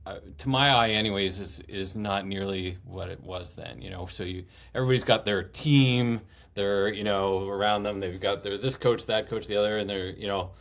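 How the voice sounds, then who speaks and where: A man with a lowish voice co-hosting a podcast. He talks things through thoughtfully, pausing on fillers as he goes. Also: fairly even intonation, a bit bright. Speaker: podcast co-host. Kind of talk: casual chat.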